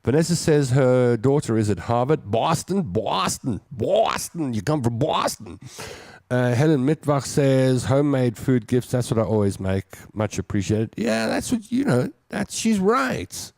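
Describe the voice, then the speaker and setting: A man's voice: medium pitch, lively intonation, moderate pace, creaky, few pauses, darkish tone, dry recording, studio quality. A man hosting a call-in show, reading listeners' comments and chatting about them. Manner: chatty, reads comments aloud and riffs on them. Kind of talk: casual chat.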